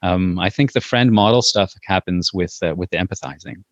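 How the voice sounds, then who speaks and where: A man's voice: deep voice, fairly quick, no echo, dull audio. A man talking casually as a guest about parenting, hesitant, with many fillers and restarts as he tells stories. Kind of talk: casual podcast conversation.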